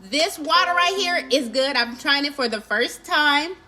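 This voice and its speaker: A woman's voice: high voice, expressive, a little slow, pushed and bright. A woman, chatting casually on a livestream and greeting viewers by name. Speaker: livestream host.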